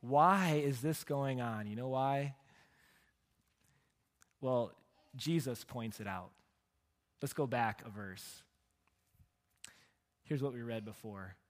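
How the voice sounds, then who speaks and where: A man preaching in a church sanctuary, his voice trailing off in a long reverb around the hall. He tells stories with humor, rising to loud emphasis and then dropping almost to a hush. His pitch sits in a middle register. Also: slow pace, long pauses. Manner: animated storytelling with humor, swings from loud to hushed. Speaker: pastor. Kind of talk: sermon.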